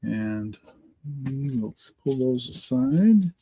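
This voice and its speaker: A middle-aged man hosting a live online auction, congested from allergies and slightly raspy, rambling and correcting himself as he answers viewers by name. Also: mid-range voice, lively intonation, drawn-out words, mellow, dull audio. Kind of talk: live-stream auction chat.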